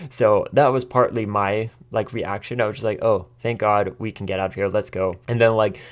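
An American man hosting his own podcast, telling a story in a chatty, casual way, laughing often and acting out what people said. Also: on the low side. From United States. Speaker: podcast host.

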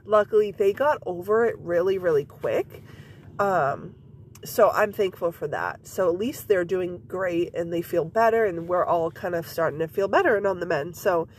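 A woman's voice: lowish voice, moderate pace. A woman podcast host with a stuffy nose and scratchy throat, chatting casually and rambling with lots of fillers. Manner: rambling, many fillers and repeats. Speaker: podcast host and mom coach. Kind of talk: casual personal chat.

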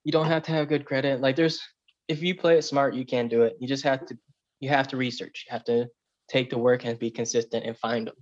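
A man's voice: medium pitch, steady tone, fairly quick, muffled recording. A man on a podcast, chatting loosely and telling a fable, with plenty of "like" and "you know". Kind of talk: casual chat, storytelling.

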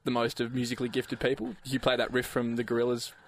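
A man's voice: medium pitch, monotone, quick pace. A young Australian man co-hosting a show, bantering and teasing his co-host in a casual, jokey way. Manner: jokey, teasing, half-sings song lines. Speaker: radio co-host. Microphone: studio microphone.

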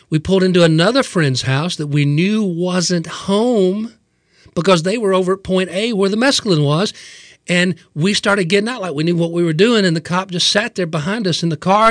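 A man's voice: high-pitched, no echo. An older man telling a funny story, drawing out words and acting out the scenes. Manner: drawn-out, lively, acted-out delivery. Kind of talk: comic storytelling.

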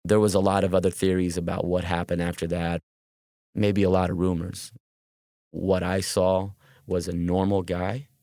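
A man earnestly recounting a personal story, halting and restarting as he goes. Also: sits low, flat delivery, dark tone, dry recording, clean studio sound.

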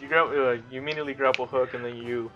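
A man's voice: medium pitch, fairly even intonation, fast talker, lo-fi sound, a loud crowd. A man narrating as game master of a tabletop role-playing game, improvising loosely and swearing casually.

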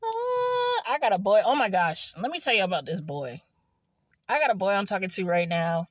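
Animated, rambling young woman vlogging. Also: on the low side, fairly quick, no room sound. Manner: rambling, animated storytelling with frequent laughs. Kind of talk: casual confessional vlog. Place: in a car in an empty parking lot.

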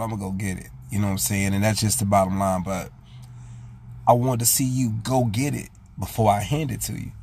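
A man with a low, gravelly voice talks in a casual, heartfelt monologue. He speaks earnestly to his viewers and keeps retelling his own words with "I said". He sounds middle-aged and sincere. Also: darkish tone, a little hiss or hum. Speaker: vlog host.

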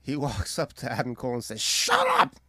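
A man's voice: medium pitch, quick pace, a little mellow, no room sound, studio quality. A man co-hosting a casual wrestling recap podcast, swearing freely as he retells the show. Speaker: podcast co-host.

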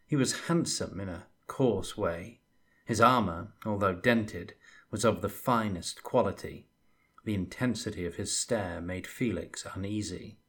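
Slow, husky man reading a novel. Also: on the low side. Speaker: audiobook narrator. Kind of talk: reading a fantasy novel aloud, voicing its characters.

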